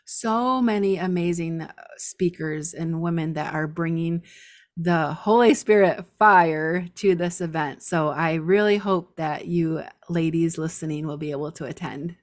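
A woman's voice: deep voice, unhurried. A woman guesting on a podcast as a Christian business coach, telling her story with eager, faith-filled enthusiasm. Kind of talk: casual interview chat.

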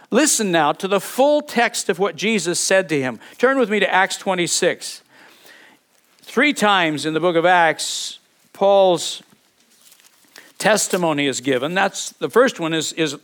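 A male pastor delivering a sermon in an animated, emphatic way, often repeating words as he builds a point and prompting the congregation to answer back. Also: sits high. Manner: leads congregation call-and-response.

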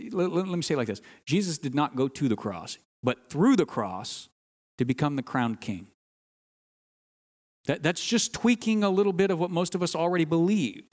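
Earnest preacher man in a reverberant hall. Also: on the high side. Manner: earnest teaching, stresses key words, restarts phrases. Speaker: pastor. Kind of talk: sermon.

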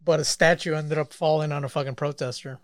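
A man co-hosting a podcast, bantering over news clips with constant swearing and excitable outbursts. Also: fairly high pitch, fast, no room sound. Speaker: podcast co-host.

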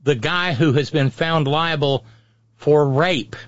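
A man's voice: a little high, slow pace, dry recording. A man hosting a political talk show, delivering sarcastic, mocking commentary. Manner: mocking, sneering, does mocking impressions. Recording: dry, dull lo-fi audio.

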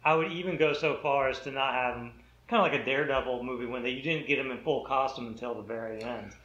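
A man's voice: mid-range voice, fast, fairly bright tone. Guy in a podcast chat, sorta dull lo-fi sound, echoey room. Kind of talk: casual chat.

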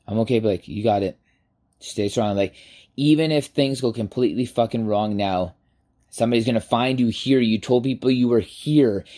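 A man in his forties, a podcast host, telling a personal story in a casual, animated way and swearing freely. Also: medium pitch. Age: 40s.

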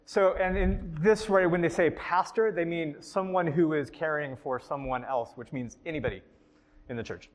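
A man's voice: fairly high pitch, normal speed. A man teaching a group in a workshop, upbeat and coaching, laughing often as he talks to the participants. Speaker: workshop instructor. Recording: long hall reverb.

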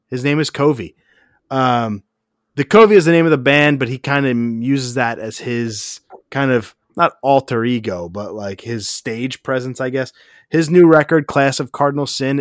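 Brief: male podcast co-host, mid pitch, swears a lot and gushes with enthusiasm, dry close mic. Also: no room sound. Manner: profane, enthusiastic, rambling. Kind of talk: casual podcast chat.

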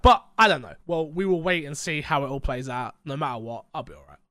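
A fairly high-voiced man with a London accent chats loosely as a podcast host, wandering into jokey tangents. He sounds stuffy with a blocked nose and sore throat. The recording is close and dry. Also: expressive, fast talker, fairly bright tone, dry recording. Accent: London English. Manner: rambling, joking, tangent-prone. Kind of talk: casual podcast chat.

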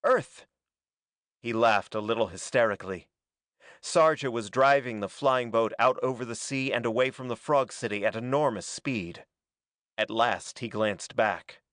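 A man reading a pulp adventure story aloud as a dramatic, steady narrator. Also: mid-range voice, normal speed, no room sound, clean studio sound. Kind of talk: scripted audiobook narration.

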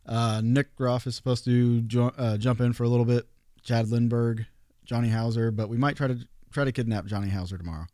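Man podcast guest, mid pitch, rambling with ums, dry close sound. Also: fairly even intonation, fairly quick, dark tone, dry recording. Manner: rambling, many fillers. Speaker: guest paranormal investigator. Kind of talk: casual podcast chat.

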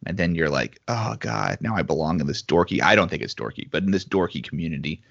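A man's voice: sits low, animated, quick pace, vocal fry, fairly bright tone. A man co-hosting a casual podcast chat, thinking aloud with lots of fillers. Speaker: podcast co-host. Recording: slightly dull lo-fi audio.

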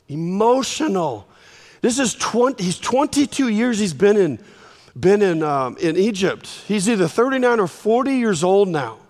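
A man preaching a sermon, telling the story in an animated way, with sudden swings in volume. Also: high-pitched. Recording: long reverb of a large hall.

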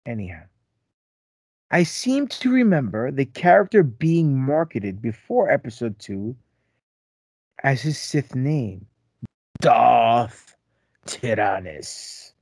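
A man's voice: on the high side, a little mellow, no echo, studio quality. A man co-hosting a casual podcast, joking around and reading listener emails aloud. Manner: playful, sings and jokes, reads aloud with asides. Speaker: podcast co-host.

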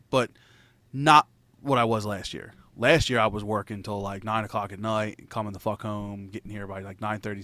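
A man's voice: fairly low pitch, sharp tone, no room sound. A man in casual chat, telling a rambling, profanity-laced story and laughing between lines.

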